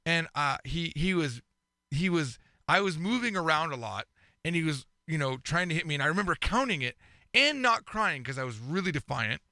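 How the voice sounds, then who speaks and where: A man co-hosting a podcast in casual chat, telling stories with lively delivery and acting out quoted lines. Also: on the high side, moderate pace, no echo, studio quality. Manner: animated storyteller, acts out quoted lines. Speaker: podcast co-host.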